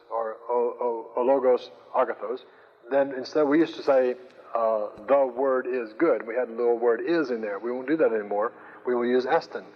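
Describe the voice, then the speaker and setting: Male teacher, slow patient lecture, frequent pauses, reverberant lo-fi recording. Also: medium pitch. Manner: slow, patient, hesitant with many fillers. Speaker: Greek teacher.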